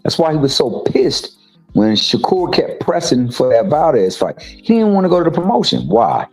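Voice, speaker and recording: A man's voice: a little high, sing-song, normal speed, darkish tone, faint music behind, rough recording. A man co-hosting a casual boxing talk show, making his points emphatically and often repeating words. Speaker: co-host.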